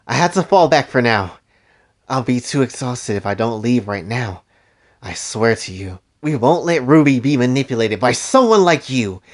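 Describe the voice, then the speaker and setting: A man's voice: mid-range voice, animated, moderate pace, lightly acted. Dude voicing a proud young swordswoman, earnest and determined, no big voice change.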